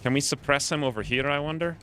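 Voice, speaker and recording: A man's voice: fairly high pitch, quick pace, fairly bright tone, a little hiss or hum. A man giving playful live commentary while streaming a game, coining silly nicknames as he plans each move.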